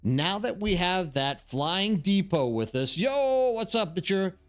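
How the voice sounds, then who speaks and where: An energetic man hosts a live game stream, chatting loosely with his viewers and greeting them by name. His voice sits a little on the high side for a man. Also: takes it slowly, faint music behind.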